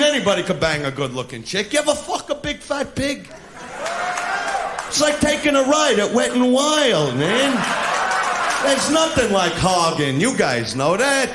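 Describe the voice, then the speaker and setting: A male stand-up comedian doing a crude, brash routine, shouting his punchlines live on stage. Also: sits high. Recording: echoey live venue with laughing audience and noise. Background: audience laughter.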